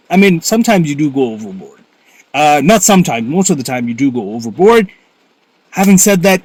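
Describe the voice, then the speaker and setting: Animated man with a high voice. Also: no echo. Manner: animated, laughing often, addresses viewers directly. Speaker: sports vlogger. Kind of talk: casual basketball commentary vlog.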